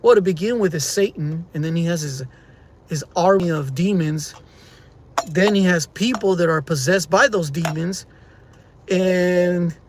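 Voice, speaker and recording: A man vlogging from his car in traffic, rambling and venting at his viewers, recorded on a phone on a dash mount. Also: sits high. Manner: rambling, frustrated, talks to viewers as guys. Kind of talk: casual driving vlog. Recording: car interior with faint road hum.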